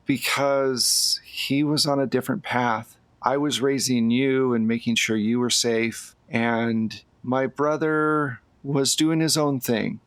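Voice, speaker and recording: A tender, steady father, played by a man in a tabletop role-play, speaking softly and calmly. His voice has a middle pitch and stays close to plain talk. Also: slow, few pauses, no echo. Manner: soft, tender.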